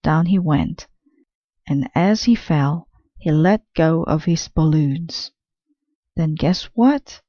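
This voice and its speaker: A woman reading a children's picture book aloud with slow, careful, clear storytelling. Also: sits low, warm tone, dry recording, dull audio.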